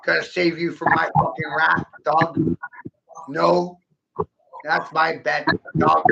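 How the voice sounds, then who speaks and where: A man with a high, gravelly voice rants in a hostile, taunting way, jeering and sneering line after line. The sound is muffled and lo-fi. A steady hiss of noise sits under him. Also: slow pace. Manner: aggressive, mocking, taunting, profane. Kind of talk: solo taunting rant to camera.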